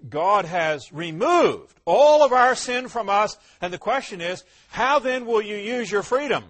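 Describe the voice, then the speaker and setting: A man with a high-pitched voice delivers a sermon as a pastor. He asks rhetorical questions and answers them firmly, swinging from loud emphasis to hushed, low asides. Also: animated, measured pace.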